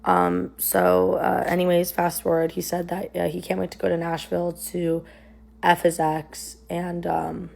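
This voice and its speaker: Young woman, casual storytime, lots of fillers, rough creaky voice. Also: fairly low pitch, a little slow, darkish tone. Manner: rambling, filler-heavy retelling with many "like" and "um".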